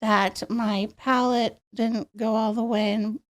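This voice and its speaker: A woman with a high, childlike voice, chatting as a guest in a studio interview and telling stories in an animated way. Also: takes it slowly. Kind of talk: casual interview chat.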